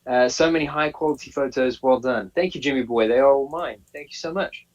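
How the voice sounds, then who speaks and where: A man co-hosting a live stream, easygoing, reading out chat names in a steady list. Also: medium pitch, a little fast. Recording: distant, muffled call audio.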